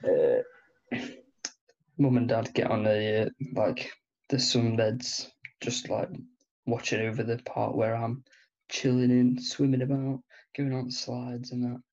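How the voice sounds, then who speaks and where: Slow gravelly podcast man. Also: darkish tone, highs cut off. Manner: slow, low-key, hesitant. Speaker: podcast co-host. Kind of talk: casual storytelling chat.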